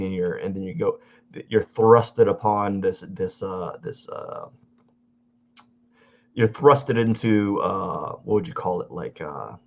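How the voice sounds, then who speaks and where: Rambling low-voiced man live-streaming. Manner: rambling, chatty, self-correcting. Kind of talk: casual live-stream chat while drawing. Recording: dull lo-fi audio.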